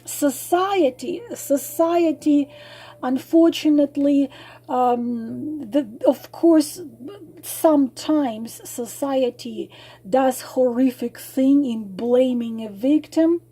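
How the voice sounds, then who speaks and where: Tired, husky-voiced woman speaking earnestly. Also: sits high, warm tone. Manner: earnest, halting with many fillers, sudden emphatic rises. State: tired, losing her voice. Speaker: psychic channel host. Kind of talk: solo talk to camera.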